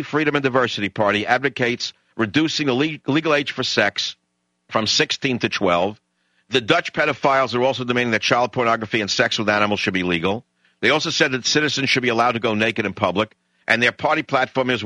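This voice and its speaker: A man's voice: mid-range voice, pushed and bright, dry recording, rough recording. A man hosting a talk show, delivering an emphatic, indignant opinion monologue that stacks up points in lists. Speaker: radio talk show host.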